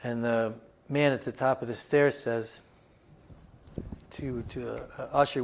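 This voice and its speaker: Gender: man. Role: pastor. Style: sermon. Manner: storytelling, halting fillers, earnest. Pitch: middle. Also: fairly even intonation, slight background noise. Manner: storytelling with frequent fillers, softening to an earnest appeal.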